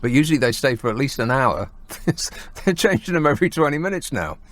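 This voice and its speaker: A man's voice: medium pitch, big pitch swings, a little fast, a little hiss or hum. A man hosting a late-night phone-in radio show, talking in a sardonic, mocking way.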